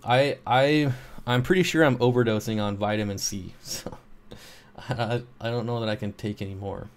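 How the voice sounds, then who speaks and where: A man's voice: medium pitch, normal speed. A man hosting a casual live stream, reading viewer questions aloud and answering them in a laid-back, rambling way. He is short on sleep. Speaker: livestream host answering chat. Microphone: streaming microphone.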